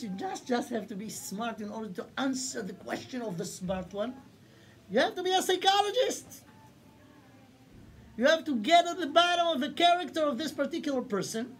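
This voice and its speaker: An animated male rabbi teaches a lesson, slipping into Hebrew quotations and acting out the lines of the people he discusses. A faint hum sits under the recording. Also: extremely high pitch. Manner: animated, acts out the questioners' lines. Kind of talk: Torah lesson.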